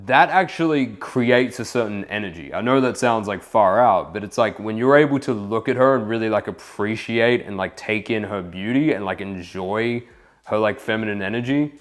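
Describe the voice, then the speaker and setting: A young man giving a relaxed, casual voice-over about dating, full of fillers like "kind of". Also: lowish voice, normal speed. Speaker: dating coach. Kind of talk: voice-over commentary on infield footage.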